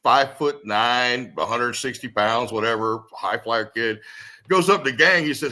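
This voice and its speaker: A man co-hosting a casual chat, telling animated stories with frequent laughter and acted-out quotes. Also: medium pitch, measured pace. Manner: animated storyteller, laughs often, acts out quotes. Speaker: co-host.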